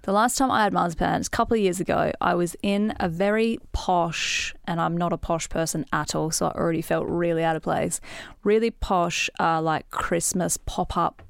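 A woman comedian, a podcast guest, telling a story in casual, animated chat, swearing freely and poking fun at herself. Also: on the low side, moderate pace, vocal fry, no echo, studio quality. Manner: animated, swearing, self-mocking.

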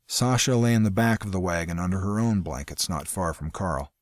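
A man reading a fantasy novel aloud in a steady, measured narration. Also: low voice, no room sound, studio quality. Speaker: audiobook narrator.

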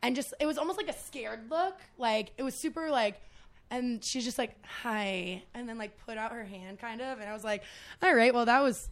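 A woman's voice: on the high side, a little fast. A young woman telling a story as a podcast guest, laughing often, swearing and filling with "like". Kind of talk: casual chat.

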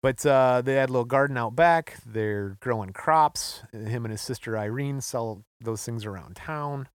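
A man's voice: medium pitch, normal speed, smooth, dry recording, clean studio sound. A man co-hosting a podcast, retelling a story in an offhand, joking way. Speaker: podcast co-host. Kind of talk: casual chat.

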